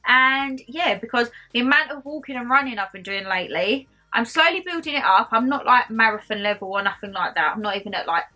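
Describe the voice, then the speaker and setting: Young woman w/ essex-geordie mix accent, bubbly chatty haul vlog, bright slightly high voice. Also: slight background noise. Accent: mixed Essex and Geordie English. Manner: chatty, bubbly, rambling asides. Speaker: haul vlogger. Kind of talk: casual chat to camera.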